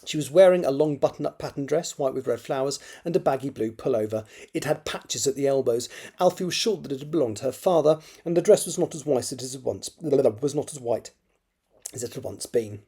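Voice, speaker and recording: A man with a mellow, slightly husky voice reads his own fiction aloud at his desk. He often stops to repeat and rework a phrase. Between passages he mutters quiet asides to himself. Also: medium pitch. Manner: halting, rereads and corrects phrases, mutters asides under his breath. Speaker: author.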